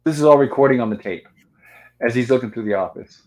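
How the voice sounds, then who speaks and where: A man at a mid-range pitch hosts a live panel movie review. He retells the film step by step, reading lines aloud as the scenes play. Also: quick pace, darkish tone. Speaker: host.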